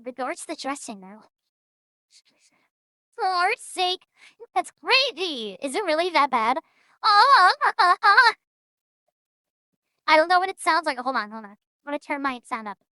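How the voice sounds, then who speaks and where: High, bright-voiced joking woman streamer. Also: sing-song, moderate pace, long pauses, dry recording. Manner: joking, self-mocking, trailing asides. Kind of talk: casual game streaming commentary.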